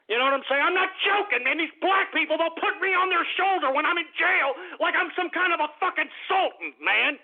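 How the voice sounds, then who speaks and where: A man's voice: very high voice, lively intonation, brisk, hardly any pauses. Profane ranting male radio host, tinny. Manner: profane, combative, mocking callers. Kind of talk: call-in radio rant. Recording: tinny phone-line audio.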